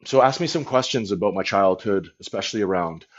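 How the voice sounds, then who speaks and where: A man with a lowish, expressive voice talks fairly quickly on a comedic livestream, rambling and boasting to viewers. He holds the phone at arm's length, and the stream's audio sounds dull and lo-fi.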